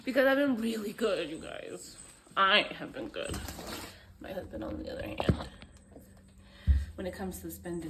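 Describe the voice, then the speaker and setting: A young woman chatting casually at home in an unboxing vlog, excitable and chatty, swearing freely and dropping to near-whispers. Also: fairly high pitch, normal speed, pauses often, a little hiss or hum. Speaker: vlogger.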